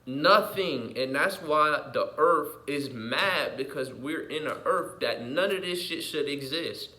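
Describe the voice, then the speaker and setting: A man delivering an unscripted, heated, profane monologue rant as a vlogger, repeating himself and swinging between muttering and yelling. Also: on the high side, lively intonation, slow.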